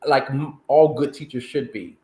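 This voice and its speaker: A male countertenor singer telling his story as an interview guest, animated and emphatic in conversation. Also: mid-range voice, normal speed. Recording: roomy echo.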